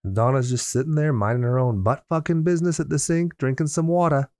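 A man co-hosting a horror movie podcast, summarizing scenes with dry, deadpan jokes. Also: medium pitch, quick pace, dry recording. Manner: dry joking, deadpan asides. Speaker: podcast co-host. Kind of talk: casual movie review chat.

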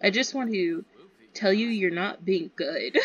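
A woman's voice: mid-range voice, unhurried. A young woman giving chatty, giggly commentary on her own gameplay. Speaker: gaming video creator. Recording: slightly dull lo-fi sound.

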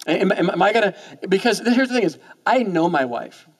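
Brief: male pastor, quick and stammering delivery, high voice, church sermon. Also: expressive, slightly rough. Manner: fast-talking; stammering repeats of words.

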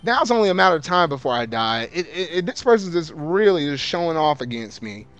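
Male let's-play host, voice a touch high and highly lively, exasperated casual slang, faint game music behind. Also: brisk, clean tone, lo-fi sound. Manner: exasperated, swings between grumbling and loud outbursts; casual slang, repeats himself. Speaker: gaming video host.

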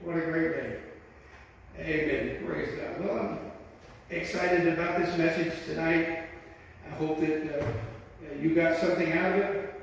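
A man's voice: a little high, fairly even intonation, measured pace, pauses often, a little hiss or hum. An older man preaching a sermon as pastor, testifying about his life and often breaking into "praise God" and "amen". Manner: testifying, repeats praise phrases. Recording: echoey hall from far off.

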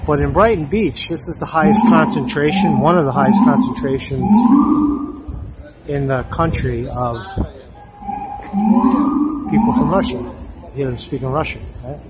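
A man's voice: on the high side, moderate pace, long pauses. Chatty New man on a noisy street. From New York. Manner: rambling, lots of restarts and tag questions. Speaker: street interviewer. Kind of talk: casual street vlog. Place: busy city street outdoors.

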